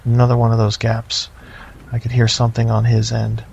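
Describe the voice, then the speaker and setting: A middle-aged man narrating a first-person horror story in a slow, measured, deadpan way. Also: medium pitch, gravelly, breathy edge. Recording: slightly dull lo-fi, faint noise.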